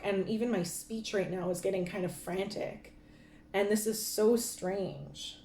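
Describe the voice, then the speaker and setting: A woman's voice: medium pitch, fairly even intonation, a little slow, dark tone, reverberant. A woman giving a casual tarot card reading, talking in a rambling way with many fillers and restarts. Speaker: tarot reader.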